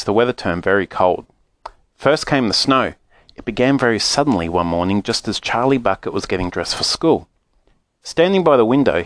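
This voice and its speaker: A man narrating a children's book aloud in an expressive, animated way. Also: on the low side, no room sound, clean studio sound. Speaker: audiobook narrator. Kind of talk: storybook narration.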